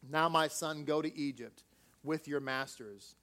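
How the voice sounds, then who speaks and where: Tender spirit mother from the grave, hushed and slow, as a man puts her on in a sermon retelling. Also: on the high side, voice pushed down.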